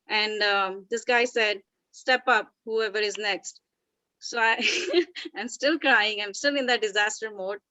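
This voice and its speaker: Female session leader, earnest and chatty, slightly high, dry close recording. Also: sharp tone, dry recording, rough recording. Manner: earnest, chatty, frequent restarts. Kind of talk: casual storytelling talk.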